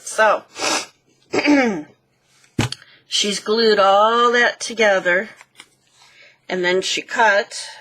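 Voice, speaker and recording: A woman hosting a craft channel, gently walking through a handmade book page by page and pointing out details. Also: mid-range voice, creaky. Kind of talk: casual show-and-tell walkthrough.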